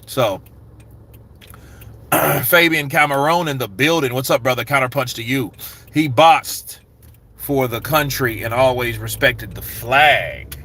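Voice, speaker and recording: Bright-voiced man chatting on a live stream. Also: mid-range voice, unhurried, husky. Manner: loose, rambling, greets chat viewers by name. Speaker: boxing channel host. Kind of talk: casual live-stream chat.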